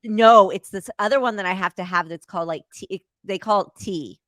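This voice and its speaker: A woman's voice: medium pitch, fairly quick, a bit bright, no echo. Matter-of-fact woman in a dry room. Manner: open, matter-of-fact, easygoing. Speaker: podcast host. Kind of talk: candid casual chat.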